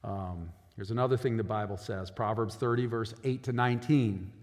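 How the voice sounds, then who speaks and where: A lawyer giving a casual, conversational talk to high school students, often checking in with "right?". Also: male voice, moderate pace, darkish tone. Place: school auditorium. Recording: echoey hall with long reverb.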